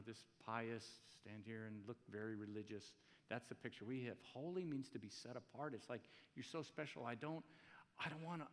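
Man preaching in a reverberant church hall. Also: lowish voice. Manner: conversational, jokey preaching with rhetorical questions. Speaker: pastor. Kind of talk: sermon.

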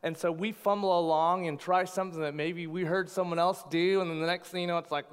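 A man's voice: sits high, fairly even intonation, a little fast, smooth. A man in his thirties preaching a sermon, telling personal stories with playful asides to his congregation. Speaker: pastor. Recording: long hall reverb.

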